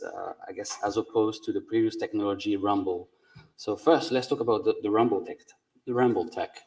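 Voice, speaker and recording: Male presenter, methodical and hesitant, slightly low voice, distant mic. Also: a little mellow. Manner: methodical, explaining step by step with many "uh"s. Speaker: conference speaker, sound designer. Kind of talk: conference talk.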